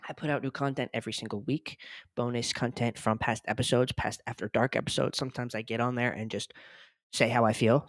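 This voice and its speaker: Podcast host, casual chat, effusive and hyped, bouncy pitch, dry close sound. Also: no room sound. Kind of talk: casual podcast outro and plugs.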